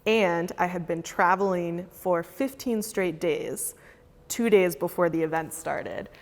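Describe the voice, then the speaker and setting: Animated woman telling fellowship stories. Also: on the low side, measured pace, in a large hall. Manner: animated storyteller, acts out her past self. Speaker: foundation fellow. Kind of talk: casual roundtable chat.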